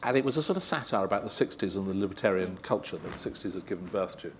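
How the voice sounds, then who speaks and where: A rather low-pitched middle-aged man tells stories in loose, rambling fashion, often breaking off with a chuckle. He answers audience questions at a live event, with a faint background hiss. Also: animated, racing. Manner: self-deprecating, chuckling, rambling asides. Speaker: guest interviewer at a live event.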